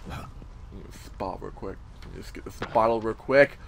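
A young man casually commentating a horror game, rambling with many fillers, swearing, and sometimes yelling. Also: on the low side, moderate pace, gravelly, slight background noise. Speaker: gameplay commentator. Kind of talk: casual let's-play commentary.

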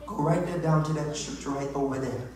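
High-voiced man preaching in an echoey church. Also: steady tone, moderate pace, recorded from a distance. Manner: builds from low talk to loud fervent preaching; calls on the congregation to respond. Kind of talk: Pentecostal sermon. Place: church sanctuary. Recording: echoey church hall with faint music.

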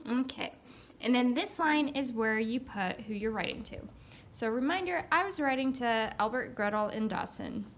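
A young woman teacher giving a recorded writing lesson, saying each word slowly aloud as she writes it down. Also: fairly high pitch, expressive, slight background noise. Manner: slow, dictating words aloud as she writes. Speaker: elementary school teacher.

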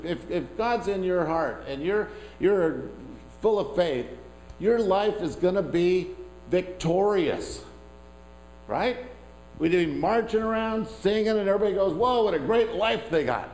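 A man's voice: high voice, lively intonation, measured pace, darkish tone, poor audio. A man preaching a sermon as pastor, talking in a conversational, self-deprecating way with asides to the congregation.

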